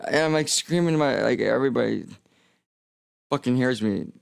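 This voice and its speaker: A man telling a swearing, animated story on a stream, acting out the people in it. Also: fairly quick, vocal fry, smooth, no room sound, studio quality. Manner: swearing, animated, acts out dialogue with rising pitch. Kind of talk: casual storytelling rant.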